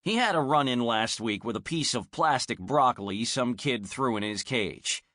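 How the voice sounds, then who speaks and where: An expressive male audiobook narrator reads a storybook from a script. His voice is medium-pitched at a normal speed, and the recording is dry and studio quality.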